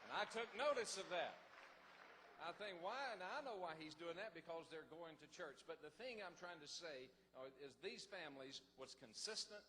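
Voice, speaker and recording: Bright-voiced older pastor preaching. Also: male voice, fairly high pitch, moderate pace. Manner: animated storytelling, lively and emphatic. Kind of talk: testimony sermon. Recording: reverberant hall with faint noise.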